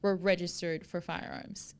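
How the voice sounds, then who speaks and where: A woman's voice: on the low side, fairly even intonation, unhurried, a little mellow, clean tone. A woman co-hosting a podcast, telling a story in casual chat, acting out quotes and swearing freely. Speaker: podcast co-host.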